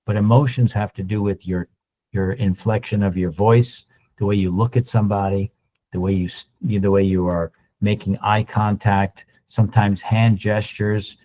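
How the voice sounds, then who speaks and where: A man giving a lunch-and-learn sales talk, animated and acting out little dialogues as he goes. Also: fairly low pitch, moderate pace, dull audio. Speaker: sales trainer.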